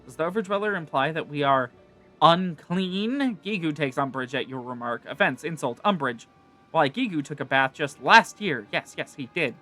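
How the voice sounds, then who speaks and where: A man's voice: fairly high pitch, animated, moderate pace, sharp tone, faint music behind. A man reading the lines of a timid kobold who rambles in strings of synonyms. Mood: indignant. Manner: lists synonyms one after another.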